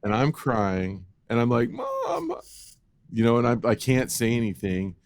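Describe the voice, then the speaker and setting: A man co-hosting a podcast, telling a childhood story in an animated, casual way and acting out the voices. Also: lowish voice, normal speed, no echo, clean studio sound. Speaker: podcast co-host.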